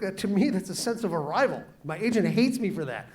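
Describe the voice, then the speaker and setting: A man, an author, telling a story to students in an animated way, slowing down and quieting for drama. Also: high-pitched. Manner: animated, shifts pace and volume for drama. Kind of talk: storytelling talk to a class.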